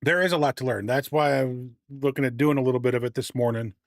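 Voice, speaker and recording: A man's voice: medium pitch, fast talker, no echo, studio quality. A man, chatting casually on a live stream, a little out of breath. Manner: chatty, talks softly to his dog. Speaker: game streamer.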